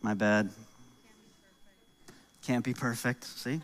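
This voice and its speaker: A man's voice: medium pitch, fairly even intonation, takes it slowly, a bit bright. A middle-aged man from New York with an American accent, preaching a sermon as pastor in a conversational, joking way with rising emphasis.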